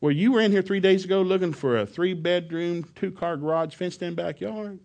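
A man's voice: high voice, brisk, vocal fry, a little mellow, voice pushed up. Man doing a polite woman realtor. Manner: polite, matter-of-fact.

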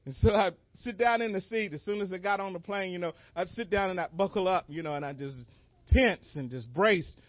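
A man preaching a sermon as an animated story, acting out moments with sudden shouted cries and laughing along. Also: high-pitched, brisk, hardly any pauses, no room sound. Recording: dull lo-fi dry recording.

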